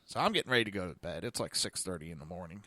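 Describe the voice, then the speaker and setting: A man's voice: low voice, animated, rapid-fire, pushed and bright, no echo, clean studio sound. A man hosting a podcast, telling a blunt, profane story in a casual monologue. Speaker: podcast host. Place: lives in Florida.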